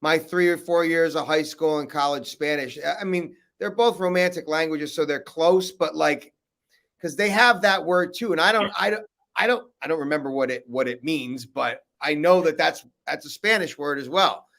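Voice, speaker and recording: A man's voice: fairly high pitch, normal speed, gravelly, a bit bright. Joking American man on a video call. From United States. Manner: joking, self-deprecating, rambling. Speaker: guest musician. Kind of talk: casual interview.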